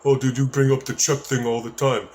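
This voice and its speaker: A man's voice: mid-range voice, flat delivery, brisk, darkish tone, natural voice. A man quoting an irritated store owner who curses at him over the phone. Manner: exasperated, swearing.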